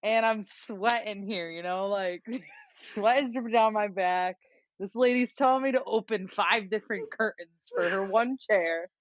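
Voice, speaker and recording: A woman telling a story as a podcast guest, animated and laughing at herself. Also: medium pitch, a little slow, no room sound. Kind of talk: casual storytelling. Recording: dull dry lo-fi recording.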